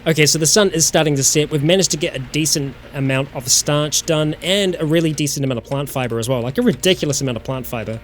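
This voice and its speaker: A man's voice: a little high, fast talker, hardly any pauses, slight background noise. A man from New Zealand with a New Zealand accent, casually commenting as he plays a survival game, thinking aloud and greeting viewers in chat. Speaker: let's-play host. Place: warm room at home.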